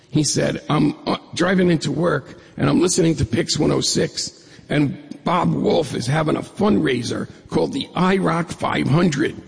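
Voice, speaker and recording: Middle-aged male storyteller, very gravelly and husky, funny and lively, heard in an echoey hall. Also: fairly high pitch, normal speed. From New York State. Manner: humorous, lively storyteller who acts out dialogue. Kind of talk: personal storytelling talk.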